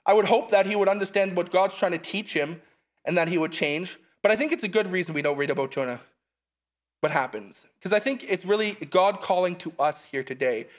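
A man preaching a casual sermon, reading scripture aloud and breaking off for relaxed, conversational asides. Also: sits high, brisk.

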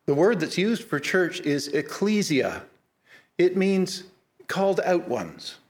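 A middle-aged man preaching a sermon, earnest and measured, slowing down to stress key points. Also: sits high, sing-song. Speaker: pastor.

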